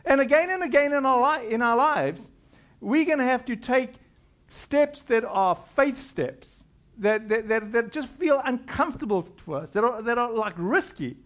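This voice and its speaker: A man's voice: extremely high pitch, expressive, normal speed, a bit bright. A middle-aged male pastor preaching a conversational sermon, acting out quoted voices as he goes.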